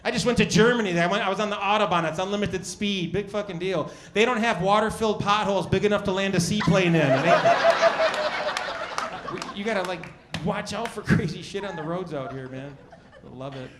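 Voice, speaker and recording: A man doing stand-up comedy, loudly riffing with the crowd and swearing freely. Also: high voice, a little fast, noisy background. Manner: loud, profane, riffing with the audience. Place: comedy club stage. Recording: club audience laughing loudly.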